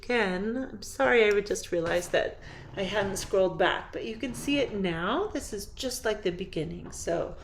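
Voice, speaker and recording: A woman's voice: medium pitch, normal speed, heavy background noise. A woman voice teacher who patiently explains a song, then sings phrases to show them. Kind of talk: singing lesson walkthrough.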